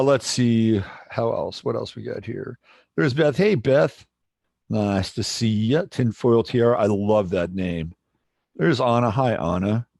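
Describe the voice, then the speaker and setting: A man hosting a livestream in casual chat, relaxed and rambling as he greets viewers. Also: fairly low pitch, vocal fry, no echo. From San Jose, California, USA. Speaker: livestream host.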